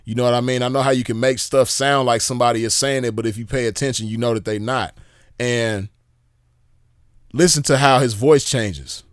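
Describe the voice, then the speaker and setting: Fired-up commentator, mid-pitched man, repetitive and profane, dry close sound. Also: fairly even intonation, a little fast, clean tone, no echo. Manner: emphatic, repetitive, profane, rhetorical questions. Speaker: commentator reviewing drama. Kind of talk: casual commentary vlog.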